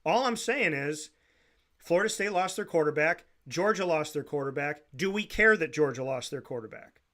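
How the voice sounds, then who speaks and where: A man's voice: on the high side, animated, normal speed, a bit bright. A man co-hosting a sports talk show, insistently repeating his point in a heated debate.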